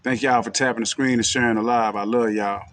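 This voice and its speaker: With a Texas country twang, a man hosts a livestream and talks to viewers loosely and directly, in street-casual phrasing full of "you know what I'm saying". His voice is medium-pitched and fairly bright, fairly quick, with fairly even intonation.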